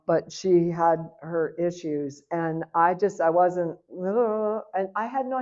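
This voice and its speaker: A middle-aged woman giving a personal testimony at a church seminar, telling her story in a lively way and acting out the dialogue. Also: medium pitch. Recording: lo-fi, dull recording.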